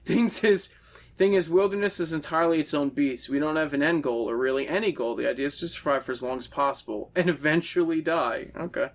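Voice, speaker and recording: A man reading a story aloud as a blunt male game designer who scorns a soft world, in a preachy, contemptuous way. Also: on the high side, brisk, lightly acted. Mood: preachy, scornful.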